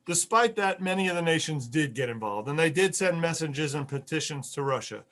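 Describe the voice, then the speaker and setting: A man's voice: fairly high pitch, animated, fairly quick, a bit bright. A man giving an online history lecture over a video call, earnest, repeating key words for emphasis.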